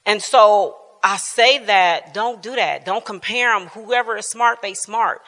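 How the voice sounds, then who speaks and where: A woman's voice: medium pitch, a little slow, a bit bright. A woman in her fifties leading a church Bible class, telling personal family stories in an earnest, informal way and laughing often. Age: 50s. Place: church hall. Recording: reverberant church hall.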